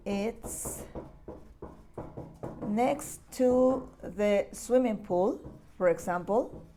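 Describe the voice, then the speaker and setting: A woman's voice: on the high side, slow pace, long pauses, mellow. A woman teaching English grammar to young children, talking patiently and repeating key words with frequent checks. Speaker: primary school English teacher. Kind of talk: recorded class lesson for children.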